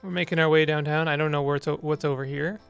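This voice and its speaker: A man's voice: on the high side, steady tone, fast, gravelly, fairly bright tone, clean tone. A man giving casual gameplay commentary, playful and rambling with joking asides. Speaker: let's play host. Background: faint game music.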